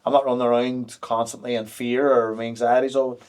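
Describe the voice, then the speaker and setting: Guy, 30s, rattling along fast and open on a podcast, lots of ums and restarts. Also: mid-range voice, flat delivery, darkish tone. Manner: open and frank, quick with fillers and restarts. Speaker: guest. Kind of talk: candid podcast conversation.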